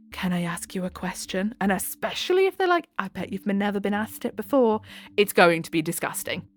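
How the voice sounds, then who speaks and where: A woman reading dating-app posts aloud, giggling and adding sarcastic asides. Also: mid-range voice. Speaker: channel host reading posts. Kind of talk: casual reading with commentary.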